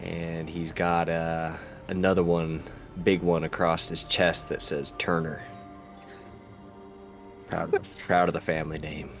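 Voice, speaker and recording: A man playing a tabletop game, describing his character in a rambling, halting way with fillers. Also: low-pitched, level tone, faint music behind. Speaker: player. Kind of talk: casual tabletop play.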